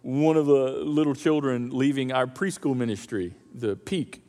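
A man preaching a sermon as pastor, animated and acting out the voices of the crowd. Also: mid-range voice, normal speed. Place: church auditorium. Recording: reverberant church hall.

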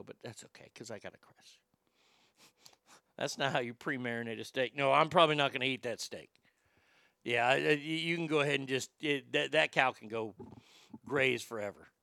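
A man's voice: fairly high pitch, gravelly, pushed and bright, no echo, studio quality. A man hosting a comedy podcast, rambling and joking crudely, often stammering and repeating words. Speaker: podcast host.

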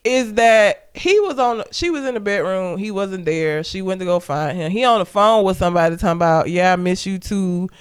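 A woman's voice: mid-range voice, animated, fairly quick, hardly any pauses, clean tone. A woman co-hosting a casual podcast, animatedly retelling a film's plot with lots of profanity. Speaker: podcast co-host. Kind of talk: casual movie recap chat.

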